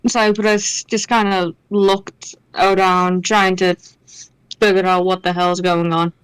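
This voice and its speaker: A woman's voice: lowish voice, level tone, slow pace, clean tone, no echo, poor audio. A woman playing a tabletop game, talking in a dry, skeptical way. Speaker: player.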